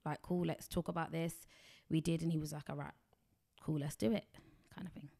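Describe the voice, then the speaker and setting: A woman's voice: low-pitched, fairly even intonation, brisk, gravelly, mellow. A woman, chatting frankly and bluntly as a podcast guest. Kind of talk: casual chat.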